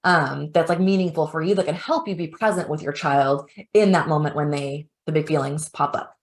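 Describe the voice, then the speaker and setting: A woman's voice: deep voice, steady tone, normal speed. A young woman presenting a parenting webinar in an informal teaching style. She is a parent herself and talks in a chatty way, full of "like" and "you know".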